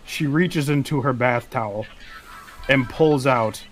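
A man's voice: medium pitch, takes it slowly, faint music behind. A man in his thirties streaming, chatting casually with his audience and telling joking mock-serious stories. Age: 30s. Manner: playful, mock-serious, acts out silly scenes.

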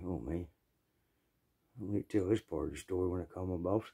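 A Southern man spins a casual, rambling yarn in a plainspoken, folksy drawl. His voice sits a bit low and sounds mellow and relaxed, with frequent throat-clearing between phrases. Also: fairly quick. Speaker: storyteller. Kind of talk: casual storytelling.

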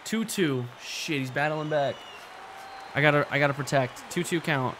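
A young man giving excitable, profane gameplay commentary as a let's play host, talking to himself as he plays. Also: on the high side, normal speed, crowd noise, noisy background.

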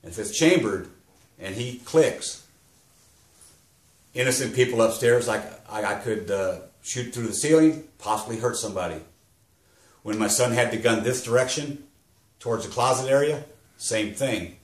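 A middle-aged man giving a personal testimony as a grieving father, halting and rambling, struggling to hold back emotion. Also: medium pitch. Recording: roomy echo.

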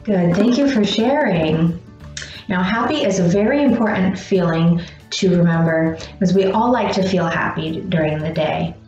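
A woman teaching young children about feelings, speaking slowly and encouragingly and pausing for their answers. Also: fairly low pitch, a little mellow. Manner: slow, encouraging, pauses for answers. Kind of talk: gentle lesson for young children. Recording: dull roomy sound with faint music.

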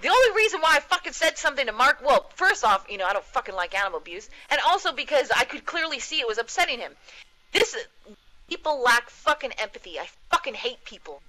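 A woman with a high-set voice and a bright, sharp edge, heatedly venting to a friend over voice chat from home. She is blunt and profane, swearing freely as she airs her grievances. She sounds like she is in her thirties. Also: very animated, fast, poor audio. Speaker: gamer in voice chat.

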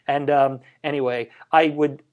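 His voice sits on the high side, with fairly even intonation and a measured pace. Co-hosting a livestreamed health show, he chats casually and enthusiastically, cracking jokes between points and telling stories from his own life.

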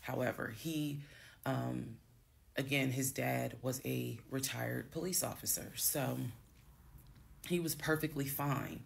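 A woman with hiccups calmly telling the story of her marriage in a measured, steady way, with pauses and fillers. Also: extremely low pitch, gravelly, husky. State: has the hiccups. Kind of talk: storytelling monologue.

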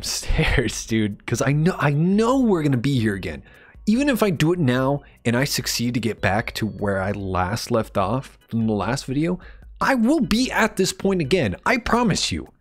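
Swearing, lively-voiced male gamer. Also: a little high. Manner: swearing, frustrated, pleading with the game; swings from mumbling to yelling. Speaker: gaming YouTuber. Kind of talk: let's play commentary.

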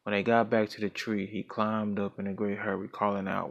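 Low, creaky male folktale narrator. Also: level tone, a little fast, hardly any pauses, muffled recording. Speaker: storyteller. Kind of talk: reading a folktale aloud.

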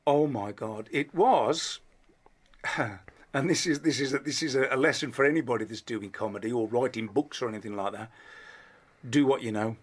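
Speaking in a husky, medium-pitched voice at normal speed, this middle-aged Black Country comedian is a guest on a radio show. The interview is casual, and he spins rambling, self-mocking tales, often starting over mid-thought.

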